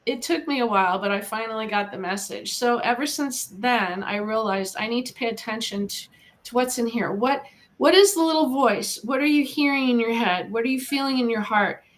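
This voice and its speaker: A woman's voice: a little high, moderate pace. Earnest, emphatic middle-aged woman guest. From Eastern Washington, US. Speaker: guest, animal communicator. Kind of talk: podcast interview.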